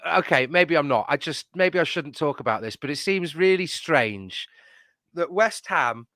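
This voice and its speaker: A man's voice: on the high side, expressive, pushed and bright, no room sound. A man co-hosting a fan football show, rambling and restarting as he talks. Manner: rambling, halting, many restarts. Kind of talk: casual football chat and live reactions.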